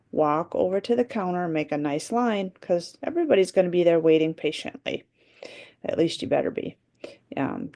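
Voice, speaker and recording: Woman teacher, unhurried phonics drill for young children; dark, slightly gravelly tone. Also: fairly low pitch. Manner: sounds out words slowly, clear and instructive. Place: home or classroom, recording for remote students. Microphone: computer mic during screen share.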